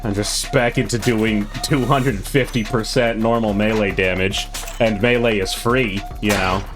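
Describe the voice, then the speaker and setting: Wry low-voiced male game commentator. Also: steady tone, measured pace, music in the background. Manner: wry, sarcastic, self-mocking. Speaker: gaming channel host. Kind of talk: gameplay voice-over commentary.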